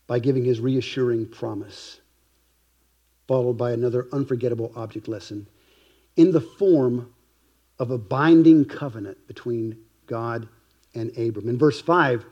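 A man preaching a sermon as pastor, earnest, slowing down to stress key phrases and sometimes dropping to a hush. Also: mid-range voice, dull audio. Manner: earnest preaching, slow emphatic stresses, softening to a hush at times.

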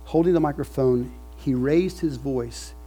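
A man preaching a sermon, moving from quiet reflection to loud, emphatic passages. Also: mid-range voice, unhurried, breathy edge. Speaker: pastor.

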